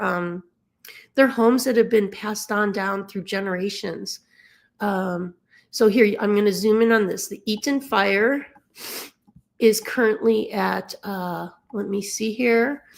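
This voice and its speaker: A woman from the Los Angeles area, emotionally tired, explaining things casually in a halting way, with many fillers and stumbles. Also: medium pitch, vocal fry. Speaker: dog rescue volunteer. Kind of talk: casual explainer while sharing a map on screen.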